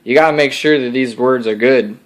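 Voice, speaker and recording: A man's voice: mid-range voice, a little fast, close to an everyday voice. A man doing a slangy Texan bro alter ego. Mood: cocky. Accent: Texas. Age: young adult. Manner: slangy, drawling, lecturing with dude and bro. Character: laid-back young male Texan bro alter ego.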